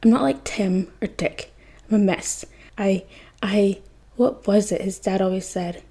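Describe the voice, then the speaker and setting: A woman's voice: medium pitch, unhurried, slightly rough. A woman reading a podfic, voicing an angry, defensive teenage boy who swears and snaps in bursts. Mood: despairing. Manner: swearing, snapping, yelling in bursts.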